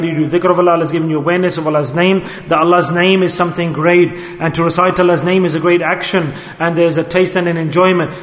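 A man preaching a sermon to a gathering, earnest and pleading, leaning on slow, emphatic repetitions. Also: a little high. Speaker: Sufi preacher. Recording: echoey hall.

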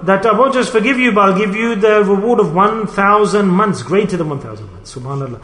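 High-voiced male preacher in echoey hall. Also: expressive, brisk, fairly bright tone. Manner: emphatic, repeats key words, rhetorical questions. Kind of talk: sermon. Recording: echoey hall with long reverb.

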